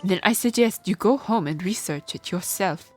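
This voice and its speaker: A woman's voice: mid-range voice, animated, moderate pace, darkish tone, faint music behind, close to an everyday voice. A woman voicing a smug, condescending prosecutor in a video game. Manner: condescending, commanding.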